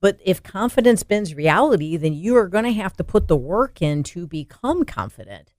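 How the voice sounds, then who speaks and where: A woman's voice: fairly low pitch, very animated, normal speed, a little mellow, no room sound, clean studio sound. A woman co-hosting a faith and fitness talk show, speaking earnestly and building to emphatic declarations. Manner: earnest, rising to emphatic exclaims. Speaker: co-host. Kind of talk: faith podcast conversation.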